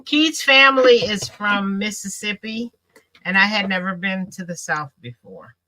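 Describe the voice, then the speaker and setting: Bright, animated woman host, laughs a lot, easy chat. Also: mid-range voice, measured pace, rough recording. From American Midwest. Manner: animated storyteller, laughs often. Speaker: sewing channel host. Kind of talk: casual chat.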